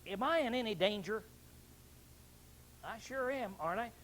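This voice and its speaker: A male pastor preaching a sermon, animated, acting out angry outbursts and often clearing his throat. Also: high-pitched, normal speed, poor audio.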